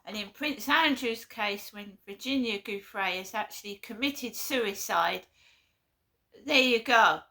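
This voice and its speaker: Slow-talking, bright-voiced woman. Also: a little high. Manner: blunt, earnest, repeats herself. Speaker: vlogger. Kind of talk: impassioned monologue.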